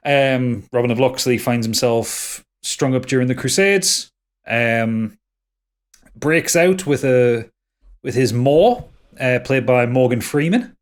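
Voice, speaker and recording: A man's voice: medium pitch, slow pace. A man co-hosting a podcast, ranting and swearing as he critiques a film. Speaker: podcast co-host. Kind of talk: casual podcast chat.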